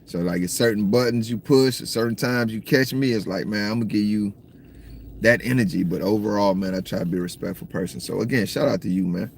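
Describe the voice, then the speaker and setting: A man from the States, rambling through a casual livestream chat, slangy and cursing freely while he shouts out viewers. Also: fairly low pitch, fairly quick, vocal fry, a little hiss or hum. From Southern United States. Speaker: livestream host. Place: in a car at times.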